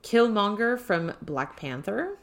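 A woman's voice: medium pitch, big pitch swings, slow. A woman co-hosting a podcast, chatting casually and reading out quiz options one by one. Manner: reads quiz options aloud in a list. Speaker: podcast co-host. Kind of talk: casual chat.

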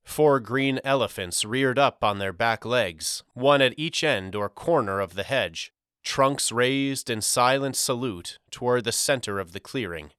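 A man reading a novel aloud as an audiobook, measured and expressive. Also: mid-range voice, clean tone, no echo, studio quality. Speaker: audiobook narrator. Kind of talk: scripted audiobook narration.

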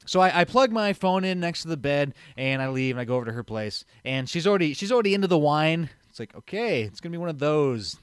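A young man spins a long, rambling story, stumbling over restarts and acting out the lines of others. His voice sits slightly high for a man. The sound is dry and close, with no room to it. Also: expressive, fast talker, few pauses, clean tone, dry recording. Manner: rambling, many fillers and restarts, acts out quotes. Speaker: storyteller guest. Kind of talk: casual storytelling.

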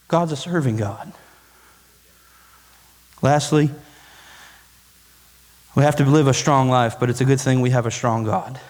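A man's voice: on the high side, long reverb tail. A man preaching a sermon as pastor, folksy and conversational, building to emphatic peaks. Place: church sanctuary.

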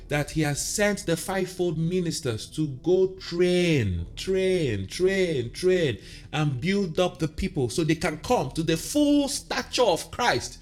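A man preaching as a pastor on a podcast, emphatic and shifting between loud declarations and softer asides. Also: a little high. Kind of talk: podcast sermon.

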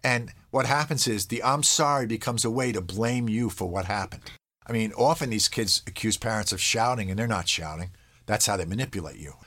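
With a lowish, fairly bright voice and a fairly quick pace, this parenting expert explains in an interview conversationally, checking in with "all right?" and briefly voicing lines of kids and parents.

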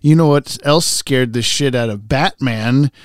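A man's voice: mid-range voice, unhurried, smooth, no room sound, studio quality. A man co-hosting a podcast in casual chat, joking and laughing often as he trails into asides. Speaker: podcast co-host.

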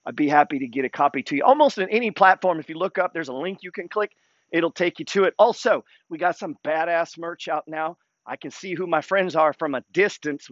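A man's voice: high-pitched, fairly bright tone, no room sound, lo-fi sound. A man hosting a casual investing talk, blunt and coach-like, swearing freely as he urges listeners on. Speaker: host.

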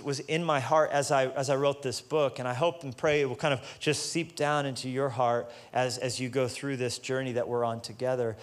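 A male pastor preaching a casual, joking sermon in street-level language, building to emphatic peaks. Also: medium pitch.

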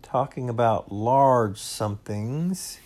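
A man voicing a simple, gentle teddy bear of little brain in a storybook reading, slow and wistful. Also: medium pitch, natural voice. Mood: dreamy.

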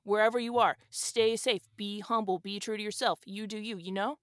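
A woman plays a young male influencer from a wealthy family, laid-back and airheaded, talking in a slangy, rambling drawl. He is a podcast guest in an improvised comedy sketch, and the voice sits at an ordinary pitch. The sound is close and dry. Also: fairly even intonation, moderate pace, no room sound, lightly acted.

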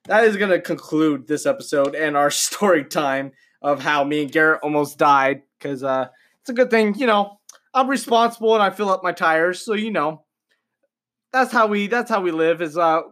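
A young man hosts a casual podcast chat, his voice sitting a little higher than most men's. He rambles loosely, restarts his sentences, and laughs often as he talks. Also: moderate pace, fairly bright tone. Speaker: podcast host.

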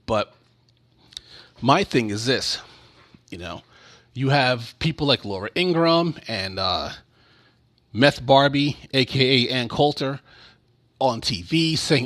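A man's voice: mid-range voice, unhurried, a bit bright. A man giving casual political commentary in a blunt, sarcastic and profane way.

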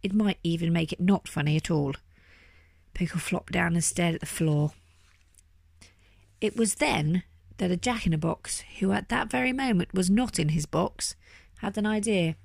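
A woman reading a children's story aloud with lively, animated delivery. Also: fairly low pitch, normal speed, gravelly, pauses often, no echo, clean studio sound. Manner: animated, doing character voices. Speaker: storybook reader.

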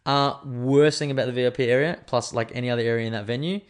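A man with an Australian accent telling a casual, animated story, swearing freely and acting out the people he quotes. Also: medium pitch, fast, clear, resonant tone.

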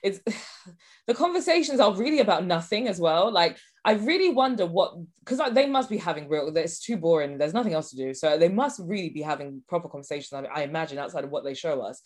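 A woman's voice: on the low side, lively intonation, a little fast. A woman, a podcast host, chatting casually in a rambling way. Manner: rambling, chatty, lots of restarts. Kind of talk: casual chat.

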